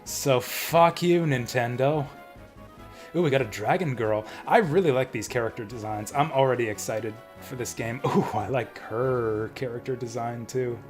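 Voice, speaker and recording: A man livestreaming a game from his home setup, talking off the cuff to his chat. His delivery is blunt and opinionated, and he swears freely. His voice sits at an ordinary middle pitch, with faint game music playing underneath. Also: normal speed, few pauses. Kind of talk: casual live-stream commentary.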